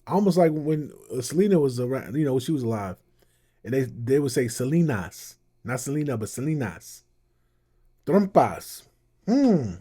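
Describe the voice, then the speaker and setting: A man's voice: medium pitch, fairly quick, dark tone, breathy edge. A man hosting a casual reaction commentary, talking loosely and rambling. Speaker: commentary host.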